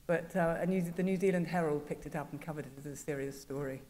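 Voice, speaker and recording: A woman, a journal editor on a conference panel, telling anecdotes in a halting, self-deprecating way. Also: low-pitched, mellow, slight background noise. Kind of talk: panel talk. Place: conference hall. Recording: reverberant conference hall.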